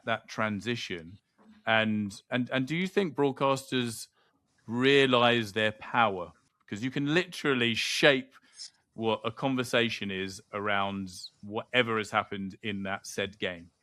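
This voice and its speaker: A man's voice: mid-range voice, a little slow, sharp tone, no echo. A man co-hosting a podcast, enthusiastic, often repeating words and restarting his sentences. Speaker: podcast co-host. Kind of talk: casual podcast conversation.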